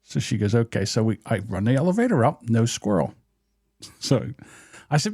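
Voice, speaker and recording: Lively, laughing storyteller man. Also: mid-range voice, a little fast, dry recording, clean studio sound. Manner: animated storyteller, swears freely, laughs through his own story. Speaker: podcast co-host. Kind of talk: casual chat.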